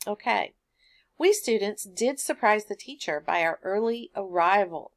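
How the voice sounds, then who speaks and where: A woman's voice: mid-range voice, a little slow. Woman teaching a grammar lesson. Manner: patient, explanatory, steady classroom pacing.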